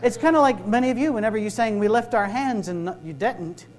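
A minister speaks briskly in a high voice, joking, telling stories, and acting out the dialogue during a sermon-style workshop talk. The audio is poor.

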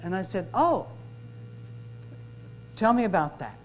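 At normal speed, a minister with a high, darkish voice works through a sermon-style workshop talk, telling stories, acting out dialogue, and joking. The recording is rough, with soft background music.

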